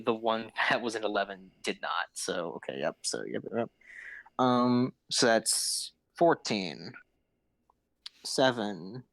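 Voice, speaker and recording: A man narrates a tabletop game as game master, pausing often on fillers while he adds up dice. His delivery is slow and unhurried. The sound is dry and close to the mic. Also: mid-range voice, a bit bright, no room sound, low-quality recording. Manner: halting, many fillers, tallies dice aloud.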